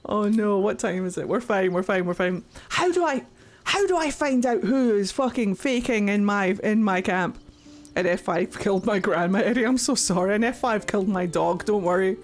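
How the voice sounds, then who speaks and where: A woman's voice: mid-range voice, animated, normal speed. A woman live-streaming a game, chatting with viewers in a crude, giggly way and laughing often. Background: game music.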